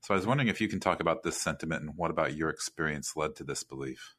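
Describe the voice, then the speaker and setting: A man co-hosting a podcast, asking measured, thoughtful interview questions. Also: extremely low pitch, fairly bright tone. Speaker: podcast co-host.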